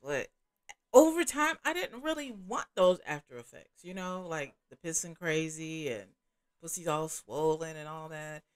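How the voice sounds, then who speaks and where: A woman's voice: sits low, animated, unhurried, clear, resonant tone. Frank middle-aged woman host, chatty and candid, casual delivery. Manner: frank, candid, chatty with many fillers and restarts. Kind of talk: casual adult chat.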